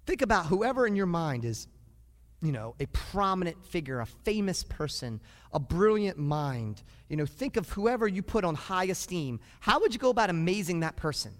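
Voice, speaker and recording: A man preaching a sermon as a pastor, lively and often asking the congregation questions. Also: high voice, normal speed, big-room sound.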